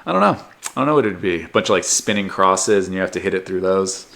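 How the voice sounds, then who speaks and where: A man's voice: deep voice, animated, quick pace, creaky, a bit bright. A man in his forties hosting a solo comedy podcast, riffing sarcastically and sounding tired. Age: 40s. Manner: sarcastic, riffs with mocking put-on voices.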